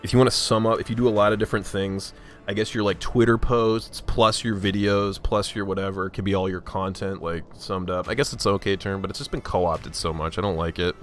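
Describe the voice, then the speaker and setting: A man's voice: sits low, fairly even intonation, fairly quick, faint music behind. A man streaming live, chatting casually with viewers in a joking, profane and self-mocking way.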